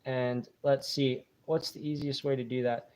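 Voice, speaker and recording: A man hosting a casual live stream, warmly thanking viewers and rambling with many fillers and restarts. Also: medium pitch, little pitch movement, normal speed, slight background noise. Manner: warm and grateful toward viewers. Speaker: channel host reading viewer donations.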